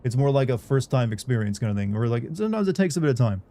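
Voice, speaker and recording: Mellow-voiced man rambling to his chat. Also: medium pitch, big pitch swings, quick pace. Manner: rambling, candid, talks straight to chat. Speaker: livestreamer. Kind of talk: casual livestream chat.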